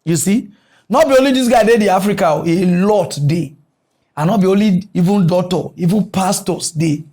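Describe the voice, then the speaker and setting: A Nigerian man with a Nigerian accent giving animated, mocking comic commentary as a comedy news host. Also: normal speed. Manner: animated, mocking, switches pitch a lot.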